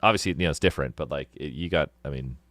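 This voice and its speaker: A deep-voiced American man hosts a casual call-in chat with loose, profane, excitable banter. His voice sits close and dry, with no room around it. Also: very fast, no echo. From United States. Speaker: band member hosting a call-in stream.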